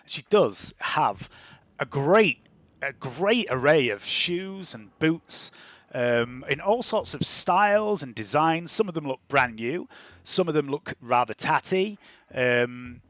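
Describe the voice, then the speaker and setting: A man's voice: fairly high pitch, a bit bright, dry recording. Chatty man game master, dry sound. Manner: rambling, full of fillers and chuckles. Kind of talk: narrating a tabletop game.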